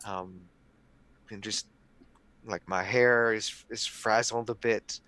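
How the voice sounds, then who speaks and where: Hesitant low-voiced male player. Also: fairly even intonation, sharp tone, no echo. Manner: halting, hesitant, with many fillers. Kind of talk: in-character play narration.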